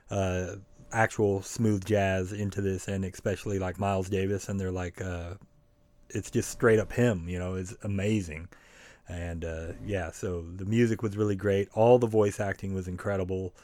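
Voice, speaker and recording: A man chats casually as a podcast co-host, his talk loose and full of fillers. His voice sits a bit low. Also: steady tone, normal speed, a little mellow. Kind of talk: casual review chat.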